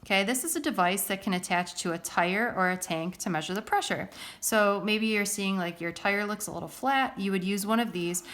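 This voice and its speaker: A woman's voice: mid-range voice, fairly quick, a bit bright. A woman teaching a recorded science lesson in a casual, chatty way, often checking in with the listener.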